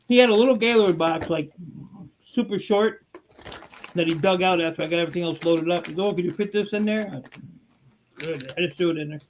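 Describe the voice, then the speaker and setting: Male guest, blunt teasing humor, high-pitched, lo-fi call with faint noise. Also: fairly even intonation, fairly quick, pauses often. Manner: blunt, joking. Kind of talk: casual live chat.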